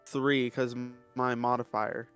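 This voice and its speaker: Young male player, slow and unsure, mid pitch, faint music behind. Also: flat delivery, fairly bright tone, clear, resonant tone. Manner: slow, unsure, corrects himself. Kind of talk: tabletop game play.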